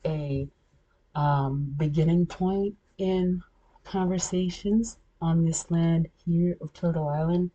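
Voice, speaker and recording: Low, dark-voiced woman rambling on a vlog. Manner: rambling, self-interrupting, many fillers. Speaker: vlogger. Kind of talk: casual vlog monologue. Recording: dull lo-fi recording.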